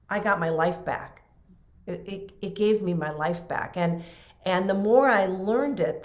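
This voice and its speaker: A woman guest telling a personal story in conversation, animated and full of fillers. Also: lowish voice, roomy sound. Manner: animated, acts out quoted voices, many fillers. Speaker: interview guest.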